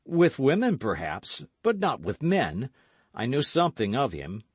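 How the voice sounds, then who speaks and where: A man's voice: mid-range voice, huge pitch swings, unhurried, breathy edge, dry recording, pitched above the performer's own voice, heavily acted. A man reading an audiobook voices a passionate, rash young swordsman who speaks in impassioned exclamations. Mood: ardent.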